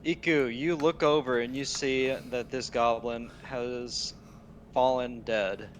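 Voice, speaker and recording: A man's voice: mid-range voice, steady tone, slow, a little hiss or hum. A young man narrating as game master in a laid-back, matter-of-fact way.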